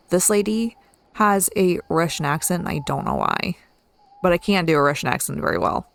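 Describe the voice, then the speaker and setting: A woman's voice: on the low side, sing-song, moderate pace, creaky, fairly bright tone, low-quality recording. A woman playing a horror game and chatting casually with amused asides. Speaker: let's-play gamer.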